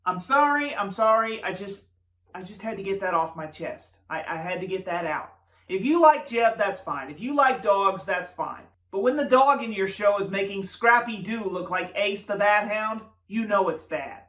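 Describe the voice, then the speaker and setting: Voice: medium pitch, expressive, normal speed, a bit bright. A show reviewer giving casual commentary, sarcastic and prone to ranting.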